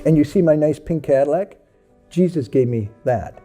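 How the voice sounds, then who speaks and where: A man's voice: fairly high pitch, normal speed, dark tone, soft background music, close to an everyday voice. A man storyteller voicing a pushy, wealthy woman who boasts about her possessions. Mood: boastful. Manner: boastful, challenging. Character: pushy perfumed rich woman bragging.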